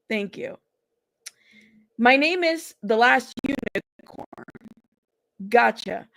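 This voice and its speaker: A woman's voice: high-pitched, no room sound. A woman hosting a casual livestream, chatty and greeting viewers one by one by name, whose first language is Spanish. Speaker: livestream host.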